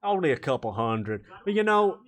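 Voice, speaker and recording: A man's voice: medium pitch, sing-song, moderate pace, natural voice. Southern backwoods murderer, casual and boastful, acted by a man. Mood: smug.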